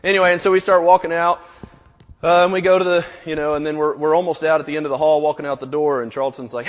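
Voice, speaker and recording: In an echoey auditorium, captured on a dull recording, a thirtysomething preacher tells a personal story in a loose, rambling way with plenty of "you know" asides. His voice is slightly high and quick.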